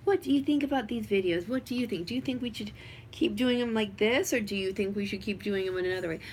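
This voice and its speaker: A woman's voice: mid-range voice, fast talker, slight background noise. A woman chatting casually on a home livestream, rambling with lots of fillers. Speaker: vlogger.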